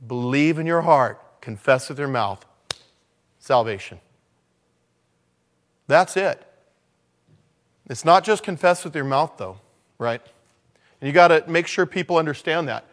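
Man preaching with big swings in loudness. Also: unhurried, pauses often. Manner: conversational preaching, swings between low murmurs and loud emphatic lines. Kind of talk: sermon on evangelism.

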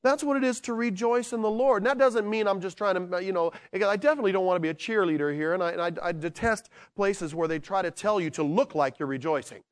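A man preaching from the pulpit in a fairly high voice. He moves between slow, hushed stresses on key words and lively, excited bursts. The delivery is animated and conversational. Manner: animated, swinging from quiet emphasis to excited shouting. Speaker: pastor. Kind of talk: sermon.

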